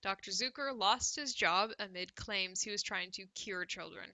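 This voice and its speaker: Sarcastic Canadian woman, bright dry voice. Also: mid-range voice, normal speed, dry recording, poor audio. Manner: sarcastic, laughs often, drinks cider on stream. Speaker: livestream host. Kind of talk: casual livestream commentary, reading news aloud.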